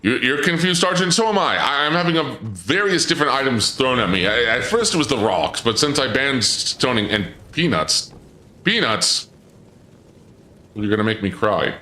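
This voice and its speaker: A man live-streaming, chatting with his viewers in an excitable, stammering way, his voice often leaping up when surprised. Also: medium pitch, moderate pace. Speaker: livestreamer. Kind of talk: live-stream chat banter. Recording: echoey room with game music behind.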